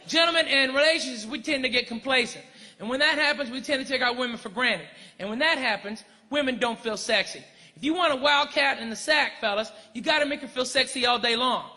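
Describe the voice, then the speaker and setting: Brash stand-up comic, high voice. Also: male voice, fairly quick, pushed and bright. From Arkansas, US. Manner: brash, profane, punchy delivery with crowd work. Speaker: stand-up comedian. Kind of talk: stand-up comedy set. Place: large comedy venue with live audience. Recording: reverberant live hall with crowd laughter.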